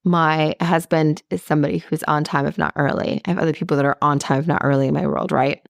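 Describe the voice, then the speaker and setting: A woman with a deep voice and vocal fry hosts a casual solo podcast, talking fast in a lively, chatty way and peppering her speech with "like" and "right?". The recording is clean studio sound with no echo.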